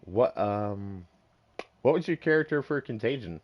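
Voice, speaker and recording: A man's voice: fairly low pitch, lively intonation, unhurried, dull audio. A man hosting a podcast in casual chat, asking questions hesitantly with many ums and restarts.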